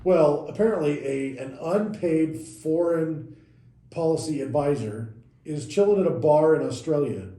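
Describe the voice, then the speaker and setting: A man's voice: a little high, animated, a little slow, mellow. A man co-hosting a podcast, casually walking through events step by step and correcting himself as he goes. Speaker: podcast co-host. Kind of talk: casual explanatory chat. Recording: roomy echoey room.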